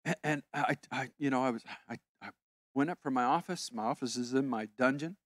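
A man's voice: medium pitch, brisk, no echo, clean studio sound. A man in his sixties, a pastor giving a conversational, emphatic sermon with personal stories. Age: 60s. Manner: conversational, emphatic, self-interrupting.

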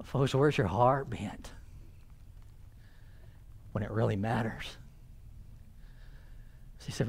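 A man preaching a sermon as pastor in a church, swinging from loud emphasis down to hushed near-whispers. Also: medium pitch, takes it slowly, vocal fry, pauses often, husky.

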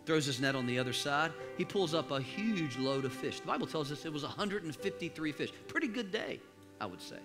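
A pastor preaching a sermon, rousing the congregation to call back and dropping to quiet, confiding asides between loud rallying lines. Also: male voice, a little high, expressive, a little fast, over music. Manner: exhorting, call-and-response with the congregation. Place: church service.

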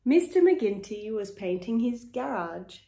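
A woman reads a children's picture book aloud, slow and rhythmic. Her slightly high voice rises and falls a lot. The recording has a roomy echo. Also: vocal fry. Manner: slow, expressive, rhythmic reading. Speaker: storyteller. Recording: echoey room.

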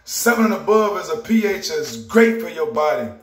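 A man gives an upbeat, preachy motivational vlog, often saying things twice. His voice sits high for a man. He is recorded in a roomy, echoing home kitchen. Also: expressive, normal speed, slight background noise. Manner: upbeat, preachy, repeats phrases. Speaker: vlogger and healthy-lifestyle promoter. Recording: roomy, echoey room.

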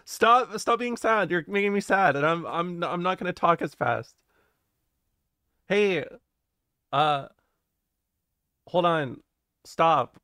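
A man's voice: on the high side, slow, pauses often, pushed and bright, clean tone, dry recording, clean studio sound. A young adult man streaming casually, reading his chat aloud and answering it in a rambling, jokey way, often swearing and laughing.

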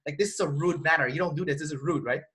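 A man's voice: a little high, very fast. A man being interviewed, telling a personal story in casual conversation and acting out the lines of the people in it. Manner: animated, acts out quoted dialogue, frequent restarts. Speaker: interview guest.

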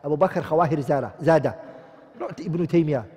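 A man's voice: on the high side, fairly quick, darkish tone, slightly rough. A man giving a classroom lecture who asks his students questions, answers them himself and repeats each key term. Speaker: teacher. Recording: long hall reverb.

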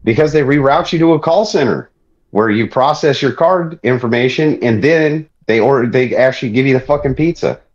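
A man's voice: medium pitch, normal speed, highs cut off. A man from Ireland hosting a podcast, ranting and joking in a profane, exasperated, mocking way. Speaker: show host.

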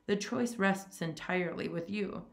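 Woman reads a suave menacing general, mock-courteous, slightly raised, gravelly edge. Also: on the low side, unhurried. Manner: genteel, mocking courtesy. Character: suave menacing aristocratic male hunter general.

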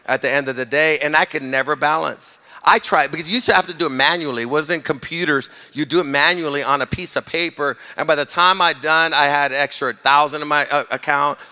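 A middle-aged male pastor preaches in a church sanctuary, his slightly high, clear, resonant voice moving briskly with few pauses. He tells humorous stories in an animated way, joking with the congregation and calling on them to respond. The recording carries the long reverb of a hall.

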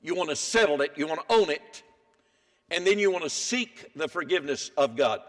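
Older man, pastor, high voice, church sermon, hushed then emphatic. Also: animated, brisk. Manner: dramatic swings between hushed and emphatic. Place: church sanctuary.

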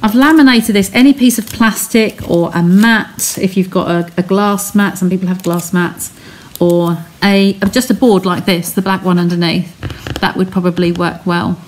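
A woman's voice: fairly low pitch, fairly even intonation, moderate pace, few pauses, a little hiss or hum. A woman chatting as she talks viewers through a craft technique step by step on a live stream from her home studio. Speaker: craft demonstrator.

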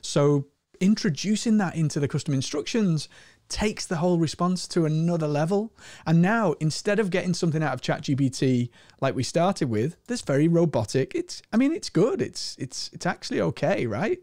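Energetic Scottish man in a dry room. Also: normal speed, dry recording. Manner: energetic and enthusiastic, often rising in pitch. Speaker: host. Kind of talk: screen-share tutorial.

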